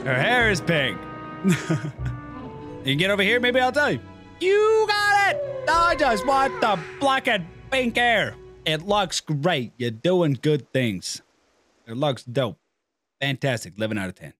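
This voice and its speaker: Excitable man yelling over game footage. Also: unhurried, music in the background. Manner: loud excitable outbursts, jumping between high yelps and low mutters, laughs a lot. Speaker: gaming YouTuber. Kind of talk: let's play commentary.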